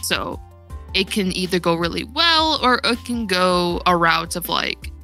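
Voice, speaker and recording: A woman's voice: on the low side, lively intonation, measured pace, bright, forceful tone, soft background music. A young woman talking in a casual gaming podcast chat, rambling and laughing often, her voice getting worn. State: losing her voice. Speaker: podcast guest.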